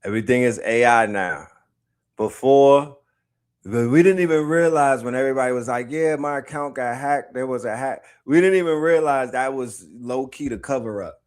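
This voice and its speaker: A man's voice: mid-range voice, moderate pace. A man co-hosting a streamed talk show, chatting casually with slang and jokes. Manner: laid-back, joking, slangy. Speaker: podcast co-host. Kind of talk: casual chat.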